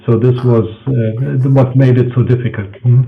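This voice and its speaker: A man's voice: mid-range voice, fairly even intonation, normal speed, vocal fry, slight background noise. A man answering interview questions, hesitant and searching for words. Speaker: band member, interview guest. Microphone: voice call. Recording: tinny phone-like call audio.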